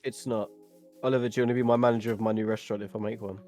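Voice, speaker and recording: A man's voice: fairly low pitch, flat delivery, rapid-fire, dark tone, faint music behind. A man chatting on a game stream with friends, playful and teasing, laughing at his own jokes. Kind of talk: casual gaming chat.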